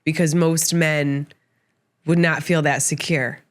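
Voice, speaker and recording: A woman's voice: low voice, little pitch movement, takes it slowly. Thoughtful woman co-hosting a chat podcast. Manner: thoughtful, explains herself at length. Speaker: podcast co-host. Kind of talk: casual chat.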